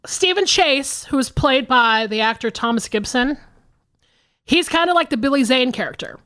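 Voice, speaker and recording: High-voiced woman podcast co-host. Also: normal speed, clean tone, no room sound. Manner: profane, animated storytelling. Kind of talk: casual chat.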